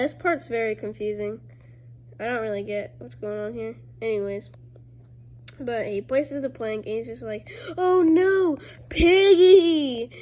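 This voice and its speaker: Slow, rambling, higher-voiced woman. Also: slight background noise. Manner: rambling, filler-heavy, loose storytelling; bursts into loud high character voices. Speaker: creator reading own comics. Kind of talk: casual chat.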